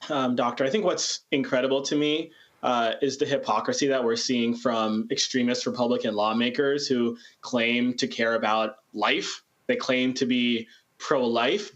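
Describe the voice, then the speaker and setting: A man's voice: medium pitch, a bit bright, lo-fi sound. A man on a talk show panel asking the guest a long, earnest question.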